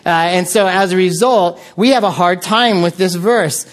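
A man preaching a sermon from the United States, telling stories in an animated way with frequent filler words. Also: sits high, normal speed. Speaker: pastor.

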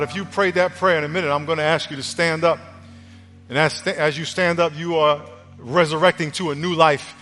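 Fairly high, sharp in tone, fairly quick, and mostly even in intonation, this man's voice carries a sermon and altar call in an earnest, conversational manner. Faint music and long church reverb come from the auditorium setting.

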